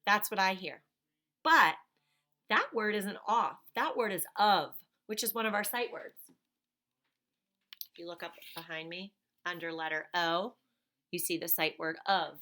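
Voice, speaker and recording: A woman teaching a phonics lesson to young children. She talks slowly and patiently, sounding out each word, and her voice is bright. She speaks in a clear, even teaching tone. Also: mid-range voice. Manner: slow, patient, sounds out words.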